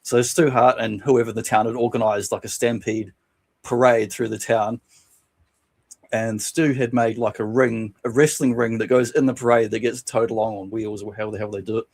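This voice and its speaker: A man co-hosting a casual podcast, reading and retelling funny anecdotes from a book, laughing often and doing quick voices for quotes. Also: on the low side, gravelly. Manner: laughs often while telling stories, animated voices for quotes. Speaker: podcast co-host.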